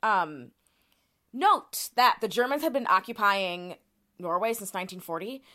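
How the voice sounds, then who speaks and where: A woman's voice: mid-range voice, lively intonation, measured pace, sharp tone. Chatty woman podcast co-host. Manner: chatty, many fillers and restarts, explains a case step by step. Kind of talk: casual conversational explaining.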